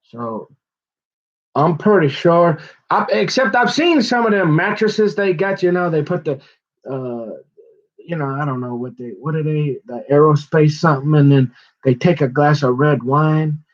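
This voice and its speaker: A middle-aged man chatting away in a loose, digressive ramble full of folksy phrasing. His voice sits a little higher than most men's. The recording is dull and lo-fi. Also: a little slow. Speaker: vlogger. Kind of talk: rambling casual chat.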